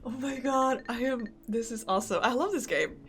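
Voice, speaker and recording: A young woman streaming a game live, chatting casually, excitable and often laughing. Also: fairly high pitch, moderate pace.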